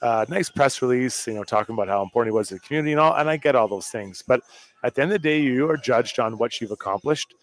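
Guy breaking down a hockey game, blunt opinions, normal pitch. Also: fast. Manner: plainspoken, opinionated analysis. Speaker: co-host. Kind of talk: casual sports talk.

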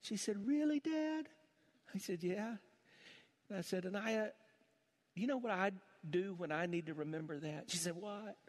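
A man's voice: high voice, fairly even intonation, normal speed. A middle-aged man preaching a sermon, telling a family story and building to impassioned preaching. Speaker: pastor. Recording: long church hall reverb.

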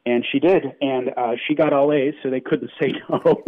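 A man who grew up in New York, an actor being interviewed, joking about himself and halting with fillers. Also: medium pitch, steady tone, dry recording. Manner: self-deprecating, joking, halting with many fillers. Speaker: actor guest. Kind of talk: casual interview chat. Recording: tinny phone-line sound.

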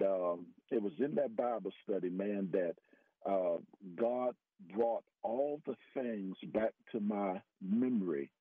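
A man telling his faith testimony as a radio guest, earnest and rising in pitch for emphasis. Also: husky, dry recording. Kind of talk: personal testimony. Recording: tinny phone-line radio audio.

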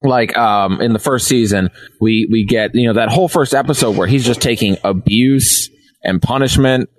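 A man co-hosting a podcast in casual chat, relaxed and talky with frequent fillers. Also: mid-range voice, normal speed. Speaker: podcast co-host.

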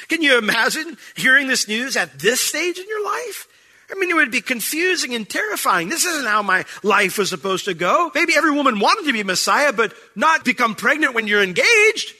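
A man preaching a sermon as pastor, animated, asking the congregation questions and swinging from loud emphasis to soft asides. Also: high voice. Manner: asks the congregation questions directly.

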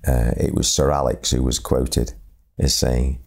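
A middle-aged man telling a reflective story, halting and repeating words in a slow, measured way. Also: a bass voice, vocal fry, a little mellow. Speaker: speaker sharing lessons on leadership.

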